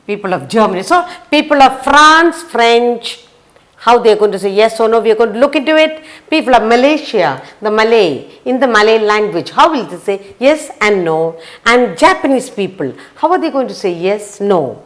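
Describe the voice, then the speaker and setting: A woman's voice: on the high side, expressive. A woman with an Indian English accent teaching a vocabulary lesson for children, spelling letters out and repeating each word. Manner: slow, sing-song, repeats words and spells letters.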